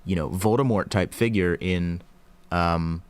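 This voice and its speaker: A man's voice: sits low, a little slow, clean tone. A man co-hosting a casual live-stream chat, cracking sarcastic jokes between his points. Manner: joking, sarcastic asides. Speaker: podcast co-host.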